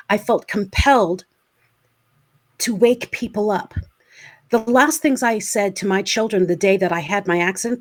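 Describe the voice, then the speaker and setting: Earnest woman in her forties telling her story. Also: medium pitch. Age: 40s. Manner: earnest, emotional, acts out her own past words. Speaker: guest, motivational speaker. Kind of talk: personal story in an interview.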